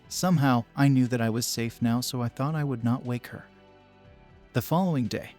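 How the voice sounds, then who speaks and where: Calm man narrating ghost stories. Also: mid-range voice. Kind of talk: scripted narration of spooky stories. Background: faint background music.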